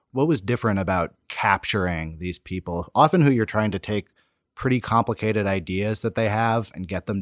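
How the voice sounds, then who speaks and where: A male interviewer with a low-pitched voice asks long, winding questions at an even pace. His voice sounds close to the mic and dry, with no room around it. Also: dry recording.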